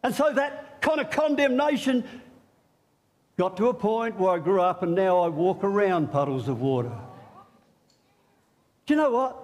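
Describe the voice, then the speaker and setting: A man's voice: high-pitched, moderate pace, long pauses. A middle-aged man preaching an Easter sermon in a church, joking and drawing the congregation in. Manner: animated, joking, talks with the congregation. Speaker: pastor.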